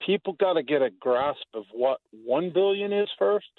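A man's voice: on the high side, expressive, normal speed, no echo. A man calling in to a radio show, talking bluntly with a sarcastic edge. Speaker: caller. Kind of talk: caller on talk radio. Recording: phone line.

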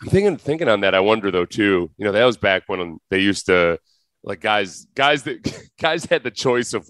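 A man's voice: lowish voice, big pitch swings, normal speed, fairly bright tone, no room sound. A man hosting a podcast in casual chat, rambling through a story and laughing as he goes. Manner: rambling, searches for words, laughs through his stories. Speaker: podcast host.

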